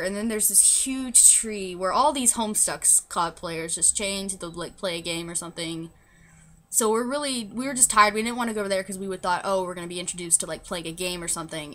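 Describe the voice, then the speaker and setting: Bright-voiced young woman rambling through a story. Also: mid-range voice. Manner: rambling, restarts, lots of "like". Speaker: vlogger. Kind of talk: casual storytelling vlog.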